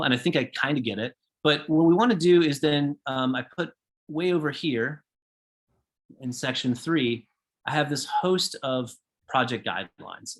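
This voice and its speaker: A man leading an online design workshop over a video call, talking loosely with many fillers and restarts. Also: mid-range voice. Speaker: workshop leader and book author.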